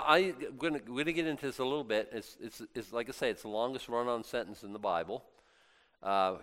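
A male pastor delivering a loose, conversational sermon full of jokes. He jumps from loud, animated bursts to quiet, hushed asides, and keeps stumbling into quick stammered restarts. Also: lowish voice. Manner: animated, joking, swings between loud and hushed.

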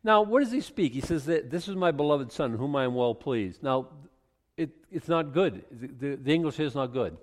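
A man's voice: mid-range voice, lively intonation, fairly quick. A man giving informal verse-by-verse Bible teaching in a conversational way, often restarting and adding asides. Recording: long hall reverb.

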